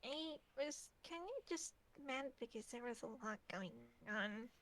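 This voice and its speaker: A woman playing a soft-spoken, gentle young man. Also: on the high side, lively intonation, measured pace. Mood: apologetic.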